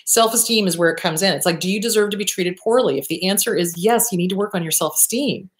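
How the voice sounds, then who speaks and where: Blunt, animated woman therapist. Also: mid-range voice, quick pace. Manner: blunt, animated, swears casually. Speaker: therapist and show host. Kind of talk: answering viewer questions.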